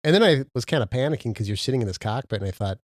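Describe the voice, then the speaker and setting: A man's voice: mid-range voice, lively intonation, racing, dry recording, studio quality. A man from Minnesota co-hosting a casual podcast, rambling and boasting as he tells stories. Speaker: podcast co-host.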